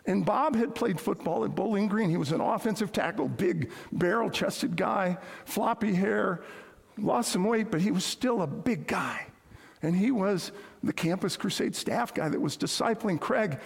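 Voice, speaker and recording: A man's voice: high-pitched, moderate pace, vocal fry, husky. A man preaching a sermon as pastor, telling stories and repeating his key points. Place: church sanctuary. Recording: echoey hall with long reverb.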